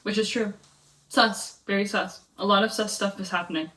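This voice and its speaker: A woman's voice: mid-range voice, steady tone, moderate pace, fairly bright tone. A young woman chatting casually in a reading vlog at home, rambling with lots of filler words. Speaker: book vlogger. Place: home, reading in bed or on couch. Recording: voice a bit far from the mic.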